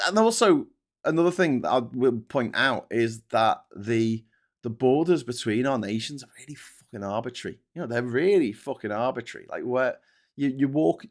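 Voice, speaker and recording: A man from Liverpool hosting a casual livestream chat, rambling and swearing often with frequent restarts. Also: mid-range voice. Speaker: host.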